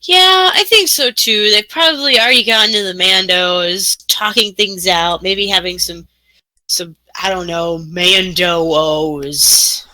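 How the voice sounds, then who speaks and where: A woman's voice: medium pitch, slow, dry recording. A woman playing a tabletop game, joking playfully in character. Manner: playful, lively in-character banter. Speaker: player. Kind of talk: tabletop game play, casual chat.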